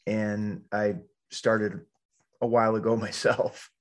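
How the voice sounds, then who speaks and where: A man's voice: on the low side, flat delivery, slow pace. A man hosting a casual podcast chat, speaking in a reflective, hesitant way with many restarts.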